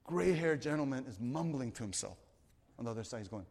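A man pastor telling a story in a sermon, animated, swinging from loud, excited bursts to quiet asides. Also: mid-range voice, a little fast, gravelly, husky. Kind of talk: storytelling sermon at a youth retreat. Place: retreat meeting hall. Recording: long reverb of a large hall.

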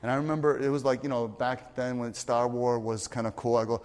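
A man pastor telling a story in a sermon, animated, swinging from loud, excited bursts to quiet asides. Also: mid-range voice, fairly quick. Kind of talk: storytelling sermon at a youth retreat. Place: retreat meeting hall. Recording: long reverb of a large hall.

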